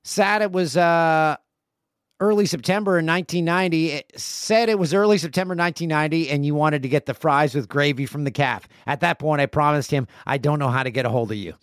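A man's voice: fairly high pitch, fast talker, hardly any pauses, smooth, no room sound, studio quality. A man in his forties hosting a casual solo podcast, reading listener emails aloud with jokey asides. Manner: chatty, jokey asides while reading mail. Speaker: podcast host.

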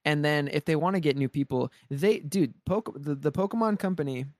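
A man co-hosting a podcast, talking excitedly in casual chat and rambling with many restarts and repeated words. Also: a little high, a little fast, no echo, clean studio sound. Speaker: podcast co-host.

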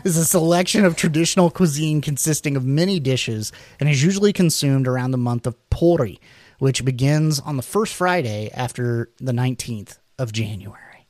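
A man co-hosting a casual chat, reading facts off slides in a relaxed, rambling way with many fillers and restarts. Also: medium pitch, moderate pace, dry recording. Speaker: podcast co-host.

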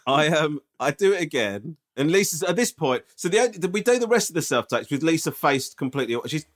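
A man's voice: a little high, a little fast. A man in casual podcast chat, telling a story with swearing and lots of asides. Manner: animated storytelling, swears often. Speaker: podcast co-host.

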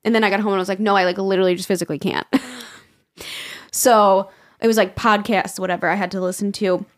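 Young adult woman, podcast co-host. Casual storyteller with an average pitch who swears freely. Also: fairly even intonation, quick pace. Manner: chatty storytelling, frequent swearing and laughing. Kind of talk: casual chat.

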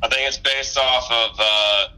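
A man's voice: medium pitch, steady tone, unhurried, pushed and bright, smooth, low-quality recording. A man chatting casually on a podcast, agreeing, joking and swearing easily. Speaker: podcast guest. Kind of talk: casual crude banter.

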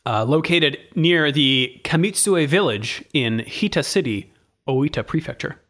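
A man with a higher voice and a bright, sharp tone co-hosts a casual podcast. He reels off race times and series in a dry, listy way. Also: animated, measured pace. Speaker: podcast co-host. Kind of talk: casual chat, reading race schedule.

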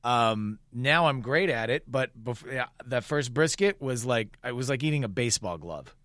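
A man's voice: medium pitch, moderate pace, no room sound, studio quality. A middle-aged man co-hosting a casual chat, telling stories with playful exaggeration. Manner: animated storyteller, playful exaggeration.

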